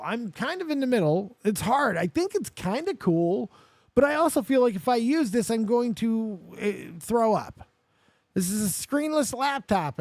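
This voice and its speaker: A young man with a high-pitched voice hosts a live show, telling stories and reacting in an animated, profane way while working himself up. The audio is close and dry, with no room echo at all.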